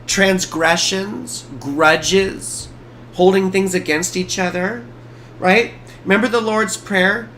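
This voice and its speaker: A woman's voice: mid-range voice, fairly even intonation, slow, fairly bright tone, a little hiss or hum. A woman in her forties, an astrologer giving chatty, playful live chart readings on a stream.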